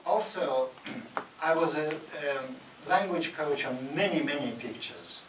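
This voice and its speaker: A man from Russia giving an animated public talk at a university, laughing often as he answers questions. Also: a little high, takes it slowly, far from the mic. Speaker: guest speaker. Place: university lecture hall. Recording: roomy hall recorded from afar with noise.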